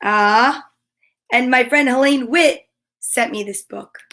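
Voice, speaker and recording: A woman's voice: a little high, slow pace, a bit bright. A woman hosting a children's story time, reading picture books aloud with playful, chatty asides and animal sound imitations.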